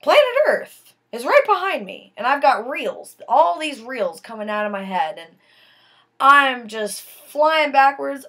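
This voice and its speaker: A young woman recounts a personal story to her viewers, slowly and deliberately. Her voice sits a little high and sounds bright and forceful. She tells it earnestly, leaning hard on key moments. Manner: earnest, emphatic retelling. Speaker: vlogger.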